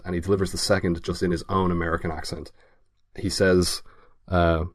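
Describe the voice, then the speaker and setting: A man's voice: sits low, no echo, studio quality. A man co-hosting a casual film review podcast, talking hesitantly with many fillers and restarts. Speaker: podcast co-host.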